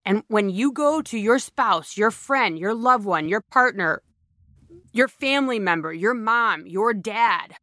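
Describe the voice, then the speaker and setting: A woman's voice: mid-range voice, lively intonation, measured pace, sharp tone, dry recording, clean studio sound. A woman with children talking frankly about emotions in a casual motivational monologue, blunt and emphatic, often repeating herself and restarting phrases. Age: adult, has children. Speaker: speaker on emotions.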